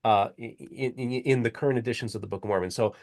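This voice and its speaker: Male host, middle pitch, casual, gives scholarly context between a guest's readings. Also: quick pace, a little mellow. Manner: adds scholarly context with frequent fillers and restarts. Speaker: interviewer, show host. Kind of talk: casual conversational commentary.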